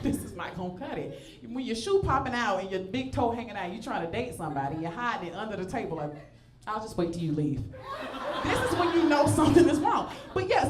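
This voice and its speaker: Southern woman stand-up comic, high lively voice bouncing all over, self-mocking, echoey club with a crowd laughing. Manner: animated, self-mocking, playful asides to the crowd. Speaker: stand-up comedian. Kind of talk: stand-up comedy set. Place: comedy club stage.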